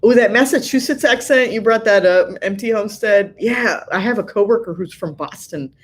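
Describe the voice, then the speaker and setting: A middle-aged woman with a mid-range, slightly rough voice and moderate pace hosts a casual livestream from home, reading viewer comments aloud in a relaxed live chat. She sounds tired yet stays chatty, laughs often, and fills her speech with "like" and "you know".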